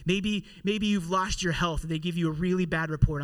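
A man in his thirties telling a casual personal story in a talk about gratitude. He is chatty, fills his speech with "like" and drops quieter for wry asides. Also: high voice, steady tone, moderate pace. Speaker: father giving a motivational talk.

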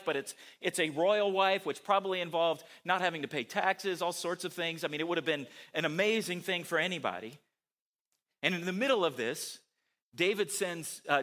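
Male preacher, sermon, rhetorical questions, bright voice, slightly high. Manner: animated, many rhetorical questions to the listeners.

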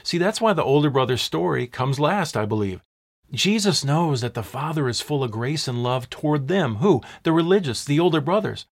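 A man preaching a sermon as a pastor, emphatic, posing rhetorical questions and slowing down to stress key words. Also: fairly high pitch, expressive, gravelly.

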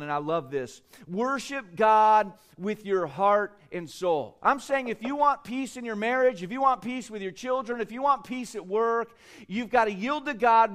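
A middle-aged man preaching a sermon as pastor, emphatic, with repeated words and swings between loud and soft. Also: high-pitched. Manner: emphatic preaching with repetitions, rising and falling loudness.

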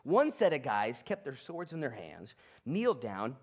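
A male pastor preaching a sermon in a church, conversational and animated, swinging between loud and hushed. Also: mid-range voice, unhurried. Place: church sanctuary.

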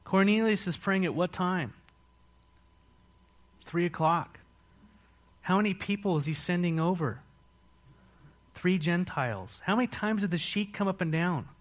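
A male pastor preaching a sermon, telling the story with lively rhetorical questions. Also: high voice, unhurried, long pauses.

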